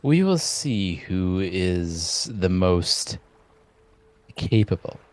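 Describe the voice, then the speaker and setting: A man voices an arrogant young marquis in a tabletop role-play. He speaks in a low, very slow and formal way. The recording is close and dry. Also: very animated, a little mellow, no room sound, exaggerated voice. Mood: haughty. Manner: formal, stately, slow speech. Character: arrogant young noble marquis, haughty challenger.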